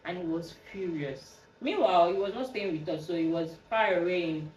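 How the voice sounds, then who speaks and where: A young woman with a Nigerian accent tells her own story in a casual, lively way, slipping into other people's voices as she goes. Her voice sits a little low. She is set back from the mic in a room with a lot of echo and a faint hum underneath. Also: fairly quick, distant mic. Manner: animated, acts out quoted dialogue with a raised voice. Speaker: podcast host.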